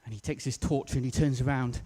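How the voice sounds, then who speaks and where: A man's voice: medium pitch, steady tone, brisk, warm tone. A man preaching a sermon in a church, casual and self-deprecating with plenty of fillers. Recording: echoey church hall.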